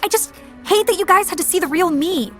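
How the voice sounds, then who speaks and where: A woman's voice: very high voice, a little fast, faint music behind. A woman voicing an earnest young alien woman officer in a cartoon, with an anxious, confessional way of talking. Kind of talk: cartoon voice acting.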